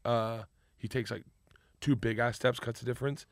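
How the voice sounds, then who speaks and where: A young man telling a wild story in casual chat. He is animated and swears freely. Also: medium pitch, moderate pace, no echo.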